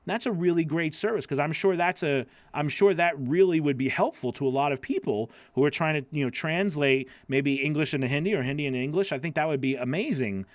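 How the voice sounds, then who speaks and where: A man's voice: fairly high pitch, brisk, hardly any pauses, no room sound. Chatty male voice-over coach, dry sound. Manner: chatty, encouraging, thinks aloud with fillers. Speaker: voice-over coach reviewing gigs. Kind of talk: casual live review.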